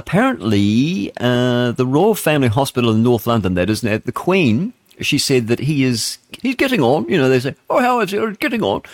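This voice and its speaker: A man's voice: on the low side, no echo, studio quality. A man with a New Zealand accent hosting live talk radio, rambling and opinionated, with plenty of fillers and chuckles. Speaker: radio talk show host. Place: radio studio.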